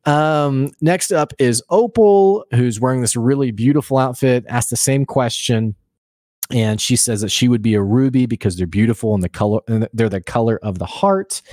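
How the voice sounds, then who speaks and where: A man recaps an episode in a loose, chatty way, tumbling through the story with plenty of ums and little laughs. His voice sits at an ordinary middle pitch. The sound is dry and close, with no room around it. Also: normal speed, no echo. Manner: animated storytelling with fillers and laughs. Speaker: podcast co-host. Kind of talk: casual recap chat.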